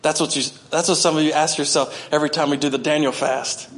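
A man preaching a sermon as pastor, animated, often acting out voices and swinging from loud to hushed. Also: a little high, fast. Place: church.

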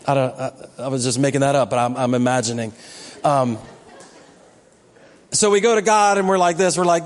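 A man's voice: mid-range voice, lively intonation, moderate pace, big-room sound. A man preaching a sermon as pastor, with a conversational, joking manner that rises into emphatic exhortation. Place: church sanctuary.

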